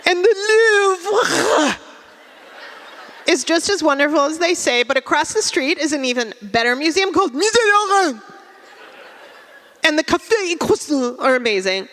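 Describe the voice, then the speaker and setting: Faux-French snob friend put on by a woman, high and bright, theatre echo. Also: fairly even intonation. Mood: gushing. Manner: gushing, drawn-out affected French pronunciation. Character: airy pretentious woman friend faking French airs. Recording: live theatre hall reverb.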